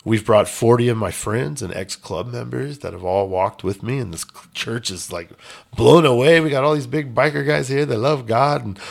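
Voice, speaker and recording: A man's voice: medium pitch, moderate pace, gravelly. A man telling a personal story in a casual interview, blunt and emphatic with some swearing. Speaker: podcast guest.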